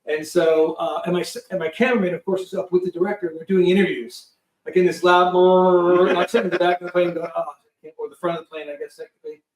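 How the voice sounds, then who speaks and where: A high-voiced man spins a lively, profane anecdote as a guest, tripping over restarts as he goes. He sits some way off the mic, and the room rings around him. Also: fast, reverberant, distant mic, poor audio. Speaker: guest producer. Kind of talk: animated storytelling.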